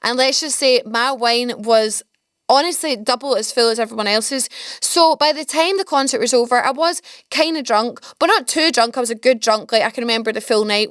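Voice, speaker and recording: A young Scottish woman hosting a podcast, rambling through stories in an excitable, chatty way. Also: fairly high pitch, dry recording, studio quality. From Scotland. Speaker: podcast host. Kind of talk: casual storytelling chat.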